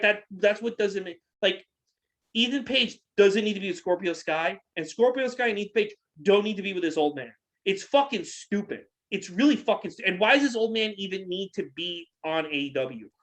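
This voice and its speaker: A man's voice: high voice, a bit bright. A man co-hosting a casual podcast, ranting angrily and profanely, firing repeated questions. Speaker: podcast co-host.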